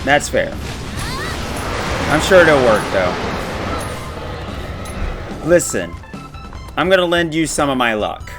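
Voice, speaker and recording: A man's voice: medium pitch, sing-song, takes it slowly, long pauses, over music. Laughing, swearing man chatting over a game. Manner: laughs often, swears freely. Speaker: gaming streamer. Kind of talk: casual chat while gaming.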